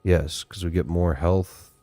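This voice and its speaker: Slow, deep-voiced Canadian man gaming. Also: fairly even intonation, mellow, no room sound, faint music behind. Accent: Canadian English. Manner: chatty, laughs often, explains things. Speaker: gaming channel host. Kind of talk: casual gameplay chat.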